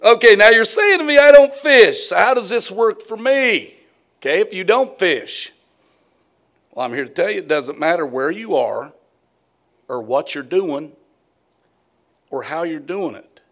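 A middle-aged male preacher delivers a sermon in a folksy, joking way. His voice sits a little on the high side, and he speaks straight to his listeners. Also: a bit bright. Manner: folksy, joking, addresses the congregation directly.

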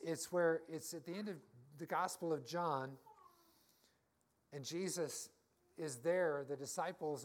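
A middle-aged man, a pastor, giving a conversational sermon and telling personal stories to his congregation. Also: fairly high pitch. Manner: storytelling, personal anecdotes.

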